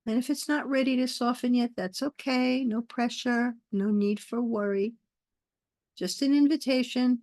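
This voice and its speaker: A woman teaching a meditation class over a video call, guiding the group with soft, soothing phrases and pauses. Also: fairly high pitch, steady tone, no echo, studio quality.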